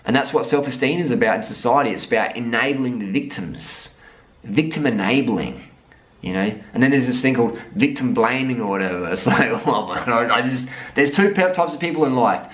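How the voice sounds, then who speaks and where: A man's voice: medium pitch, lively intonation, fairly quick, fairly bright tone, poor audio. An Australian man in his thirties, talking to camera in a blunt, profane, emphatic motivational rant mixed with storytelling. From South Australia. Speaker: vlogger.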